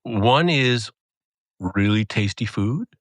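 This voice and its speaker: A middle-aged man who is a podcast guest, talking in a relaxed, easygoing way. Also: on the low side, slow pace, no room sound, clean studio sound. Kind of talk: casual chat.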